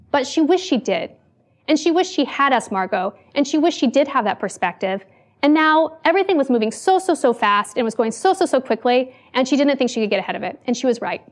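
Woman with a high voice telling a work story to a crowd, acts out the quotes. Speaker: speaker giving a talk. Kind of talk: storytelling talk to an audience.

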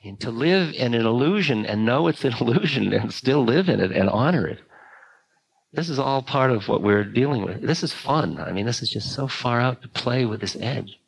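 An older man giving a spiritual talk, musing slowly with long pauses. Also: mid-range voice, animated, vocal fry, slightly rough, low-quality recording. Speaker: spiritual teacher. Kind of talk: dharma talk.

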